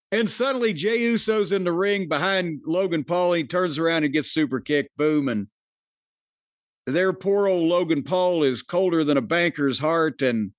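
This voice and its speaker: Dry jokes and cursing fill this man's opinionated wrestling review on the podcast he hosts. His voice sits high, and the recording is dry.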